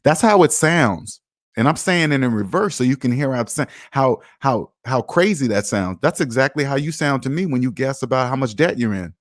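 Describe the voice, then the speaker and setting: A man's voice: mid-range voice, expressive, fairly quick. A man hosting a personal finance livestream, speaking casually and emphatically, lecturing viewers and reading out their comments. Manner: emphatic, preachy, reads viewer comments aloud. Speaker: finance channel host.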